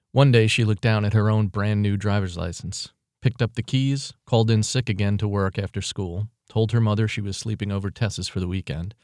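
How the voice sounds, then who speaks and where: A man narrating a story in a steady, measured reading. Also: on the low side, no echo, clean studio sound. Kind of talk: audiobook narration.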